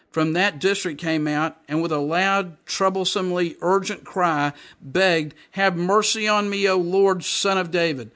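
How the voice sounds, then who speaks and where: A man with a high, somewhat bright voice preaches a sermon. He reads scripture aloud and explains it emphatically, repeating verses as he goes.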